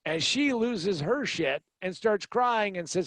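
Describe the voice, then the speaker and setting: A middle-aged man hosting a podcast, telling a travel story in an animated, wry and sarcastic way. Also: high voice, moderate pace, few pauses, no room sound. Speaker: podcast host. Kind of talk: storytelling anecdote.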